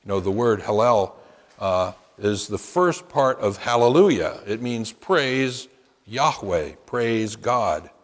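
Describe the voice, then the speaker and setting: A man delivers a sermon from the pulpit at an unhurried, measured pace. His voice swells into emphatic, chanted quotations before settling back. The sound carries the long reverb of a large hall. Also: lowish voice, animated. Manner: emphatic preaching with rising chanted quotes. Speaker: pastor.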